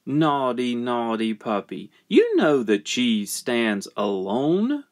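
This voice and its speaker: A man voicing a small, chatty girl who can't keep quiet, in a squeaky, singsong voice. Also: wildly swooping pitch, takes it slowly, full character voice. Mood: teasing.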